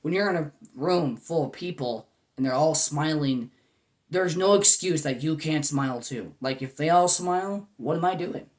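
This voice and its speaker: A man's voice: a little high, moderate pace. A man in his twenties talking to camera in a goofy yet earnest, rambling way, full of "man" and "you know". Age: 20s. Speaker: vlogger. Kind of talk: casual heartfelt monologue.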